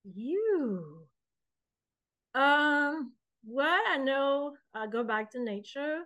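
A young adult woman with a French accent, a poet and author answering interview questions in animated storytelling. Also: high voice, very slow. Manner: animated storytelling, acts out quoted voices. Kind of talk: interview conversation.

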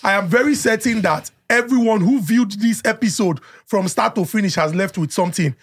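A man's voice: high voice, fairly quick, husky. A Nigerian man hosting a casual podcast, wrapping up in English mixed with pidgin. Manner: mixes pidgin into wrap-up remarks. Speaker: podcast host.

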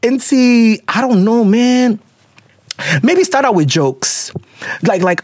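An animated Ghanaian podcast host whose pitch swings widely as they talk through listeners' love problems. They mix English with Twi phrases in a casual chat, recorded dry and close with no room sound. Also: a little slow, no room sound.

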